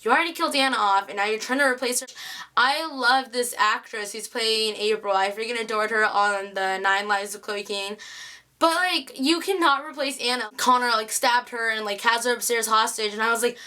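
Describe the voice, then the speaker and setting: A young woman chatting excitedly through a TV episode recap, acting out the characters' lines. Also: a little high, moderate pace. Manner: chatty, excitable, acts out quotes. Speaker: TV recap vlogger.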